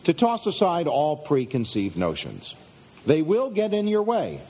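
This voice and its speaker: Husky man giving a self-help talk. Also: on the high side, huge pitch swings, a little slow, dark tone. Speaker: motivational speaker.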